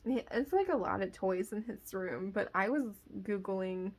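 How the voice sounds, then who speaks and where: A woman's voice: mid-range voice, unhurried. A young woman vlogger telling a rambling story in casual chat, full of fillers and little laughs. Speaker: crochet vlogger.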